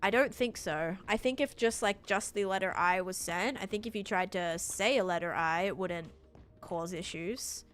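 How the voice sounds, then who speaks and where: A woman's voice: mid-range voice, moderate pace, a bit bright, clean tone, faint music behind. A young woman, chatting casually while live-streaming a game and answering chat.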